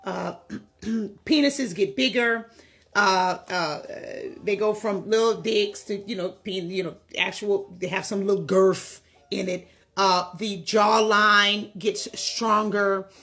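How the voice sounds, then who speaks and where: A woman's voice: mid-range voice, slow, a bit bright. A woman hosting a vlog, talking in a blunt, frank casual monologue with many fillers, recorded on a phone. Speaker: vlog host.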